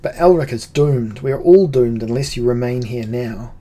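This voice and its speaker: A man's voice: mid-range voice, moderate pace, dark tone, natural voice. A man reading an audiobook, voicing an anguished noble young woman who pleads with her lover. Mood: pleading. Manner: pleading, raised and emotional.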